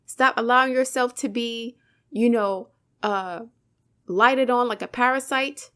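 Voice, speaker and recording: A woman's voice: on the high side, slow pace, clean tone. A woman hosting her own channel, giving an impassioned commentary monologue, emphatic and preachy, firing off rhetorical questions and swearing.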